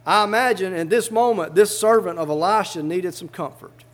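A man's voice: high-pitched, moderate pace. A man preaching a sermon, fervently reading old scripture aloud and explaining it in plain everyday words.

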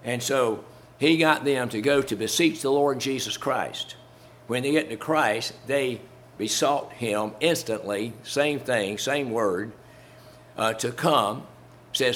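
A man's voice: mid-range voice, unhurried, a bit bright, a little hiss or hum. A man preaching a sermon in a folksy, conversational way, chuckling as he talks through a Bible story to his congregation.

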